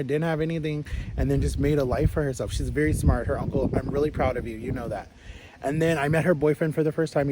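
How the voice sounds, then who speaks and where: A man in his thirties rambles through a story in a casual vlog, his voice sitting a little high for a man. He talks loosely, with plenty of "like" and restarts. Clear outdoor street and traffic noise runs behind him. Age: 30s. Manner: rambling, chatty, lots of "like" and restarts. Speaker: vlogger.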